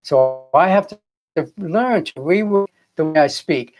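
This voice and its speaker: Male coach, higher voice, earnest and animated, repeats key phrases; motivational talk. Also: a little slow. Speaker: manifestation coach.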